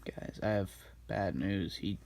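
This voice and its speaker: A man casually recapping an animated film while he draws, rambling and correcting himself as he goes. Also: low voice, slow pace, vocal fry. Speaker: drawing video maker.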